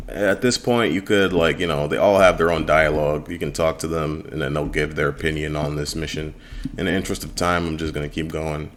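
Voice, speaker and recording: A man talks over his game demo in a low, deep voice, laid-back and chatty with little chuckles. a faint hiss of background noise sits under his voice. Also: normal speed. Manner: relaxed, rambling, with fillers and chuckles. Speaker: game developer playing his own demo. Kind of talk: casual let's play commentary.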